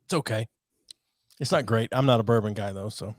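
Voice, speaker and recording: A man co-hosting a podcast, making wry, quiet asides. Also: lowish voice, brisk, no echo, clean studio sound. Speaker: podcast co-host. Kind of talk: casual podcast chat.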